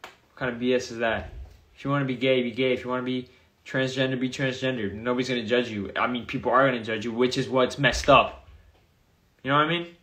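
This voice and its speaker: A man's voice: medium pitch, fairly even intonation, quick pace, pushed and bright. Young guy rambling on a phone live, answering comments, loose and chatty, voice right in the middle. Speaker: streamer answering viewer comments. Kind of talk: casual livestream chat.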